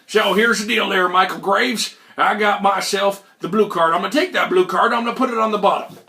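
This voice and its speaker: A man's voice: sits high, fairly even intonation, a little fast, gravelly, pushed and bright, voice pushed up, full character voice. A man voicing an old male street card hustler who drawls folksy lines and calls the listener boy and son. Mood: sly, folksy.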